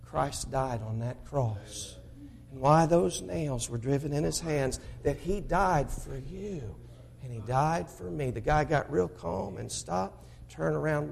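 A man from Mississippi with a broad Southern accent preaches with fervor, his voice sitting high for a man. He tells stories from the pulpit, swinging from ringing exclamations down to hushed asides. He sounds middle-aged. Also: creaky, a little hiss or hum. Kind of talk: sermon.

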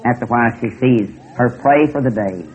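A man telling an animal story as a preacher, in a lively, folksy, repetitive way. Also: mid-range voice, brisk, slightly rough. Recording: tinny phone-like recording.

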